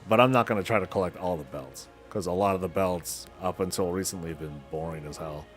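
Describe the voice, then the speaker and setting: Slangy, low-voiced male game streamer. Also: quick pace, faint music behind. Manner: loose, slangy and rambling, talking to himself. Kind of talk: casual chat while gaming.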